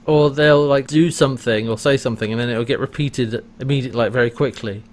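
A man's voice: mid-range voice, quick pace. Chatty man recapping a TV episode. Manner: rambling, animated retelling with laughs and acted-out quotes. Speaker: podcast co-host recapping an episode. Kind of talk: casual chat.

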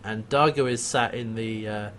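A man's voice: lowish voice, moderate pace, a little hiss or hum. Chatty man retelling a show, laughing. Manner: animated retelling, acts out quotes, laughs often. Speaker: podcast co-host recapping a TV episode. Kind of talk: casual chat.

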